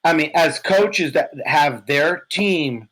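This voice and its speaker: Slightly high, hoarse male fan; animated, profane sports chat. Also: slow pace, a crowd in the background, low-quality recording. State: hoarse from yelling. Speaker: podcast co-host, Giants fan.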